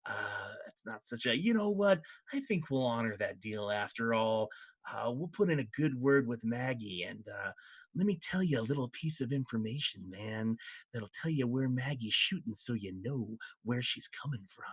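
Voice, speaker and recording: A man's voice: medium pitch, animated, normal speed, slightly rough, no echo. A man voicing a laid-back, streetwise male imp who mumbles in a slangy way and keeps calling people "man.". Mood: conspiratorial.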